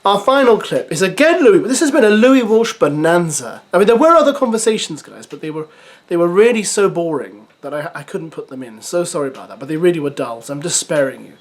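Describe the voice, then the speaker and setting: A man's voice: fairly high pitch, sing-song, fast. A man hosting a vlog, chatting to his viewers and calling them guys. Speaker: video host. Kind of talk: vlog commentary.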